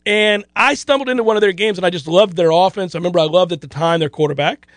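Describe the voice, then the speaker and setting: A man's voice: high-pitched, fast, no room sound. A man co-hosting a casual sports betting chat, rambling along with restarts and frequent laughter. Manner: rambling, self-interrupting, laughs often.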